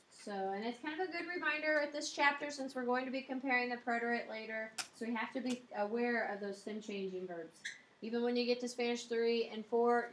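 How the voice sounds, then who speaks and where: A woman with a rather high, sharp-toned voice teaches a Spanish grammar lesson, explaining patiently and checking in with listeners using "okay" and "all right." The room is echoey, with faint background noise.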